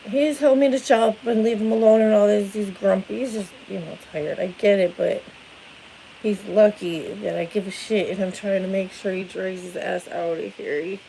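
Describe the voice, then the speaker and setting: A woman's voice: medium pitch, steady tone, moderate pace, gravelly, slight background noise, low-quality recording. A woman in her thirties, a parent chatting casually on a livestream, tired after no sleep, rambling and swearing freely. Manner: rambling, swears freely, yells playfully to wake her kid.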